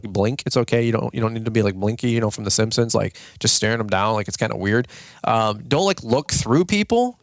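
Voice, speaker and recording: Slangy, energetic man giving advice. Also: medium pitch, dry recording, studio quality. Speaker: podcast host. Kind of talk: casual advice talk.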